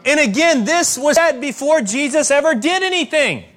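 High-voiced man preaching with emphasis. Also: expressive, a bit bright. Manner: preaching with emphatic rises and slow, stressed repetitions. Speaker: pastor. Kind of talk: sermon.

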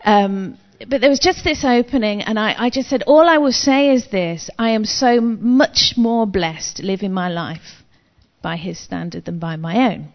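A woman's voice: medium pitch, unhurried. Chatty woman preaching in a hall. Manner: chatty, self-deprecating, frank. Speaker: Christian speaker. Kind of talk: testimony-style preaching. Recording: long reverb, dull lo-fi sound.

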